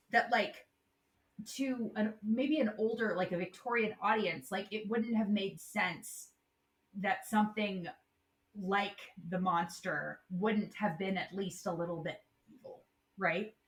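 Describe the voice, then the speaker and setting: A woman's voice: mid-range voice, fairly bright tone, reverberant. A woman co-hosting a casual book discussion, chatty and thinking aloud with lots of fillers. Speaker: podcast co-host.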